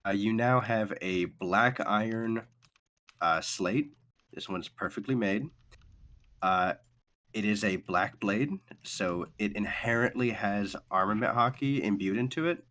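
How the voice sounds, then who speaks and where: A man's voice: on the low side, measured pace, a bit bright. A man narrating a tabletop game as game master, talking in a casual, rambling and profane way.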